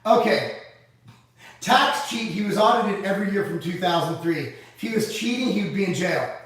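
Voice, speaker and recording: Man hosting a live Q&A, fairly high-voiced, blunt and sarcastic, profane, sitting back from the mic in a very echoey room. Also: animated, moderate pace, a bit bright, distant mic. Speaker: livestream host reading viewer comments. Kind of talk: casual live Q&A.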